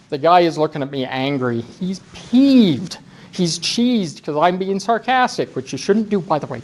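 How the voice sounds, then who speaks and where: A man's voice: on the high side, moderate pace. A man giving a conference talk as a driver trainer, telling self-deprecating stories and acting out what people said. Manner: animated, self-deprecating storyteller acting out quotes. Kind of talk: storytelling presentation. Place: conference session room.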